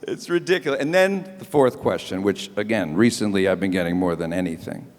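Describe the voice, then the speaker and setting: A man doing live stand-up comedy as host of an evening event, with an animated, punchy, wisecracking delivery. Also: sits low, a little fast, long reverb tail. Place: event stage before a live audience.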